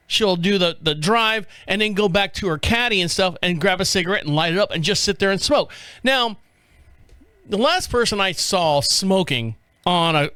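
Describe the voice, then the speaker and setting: A man's voice: sits high, pushed and bright, smooth, no echo. A male podcast host giving loose, rambling commentary and swearing freely. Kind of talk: casual commentary.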